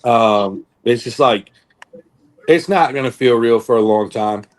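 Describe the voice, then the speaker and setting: On his podcast, a young man who co-hosts and bodybuilds rambles through a long, casual story full of filler words and curses. He speaks with a mid-range voice at a measured pace.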